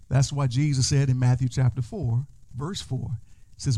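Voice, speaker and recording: A man preaching a sermon, energetic, repeating phrases and calling on the congregation to answer. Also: medium pitch, normal speed, husky. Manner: energetic, call-and-response, repeats words. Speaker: pastor.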